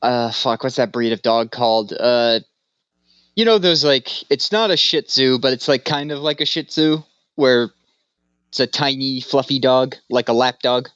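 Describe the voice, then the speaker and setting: A man's voice: medium pitch, normal speed, fairly bright tone, clean tone, no echo, highs cut off. A man co-hosting a casual podcast, rambling through stories with lots of fillers. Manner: rambling, storytelling with acted-out voices. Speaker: podcast co-host. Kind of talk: casual stoner chat.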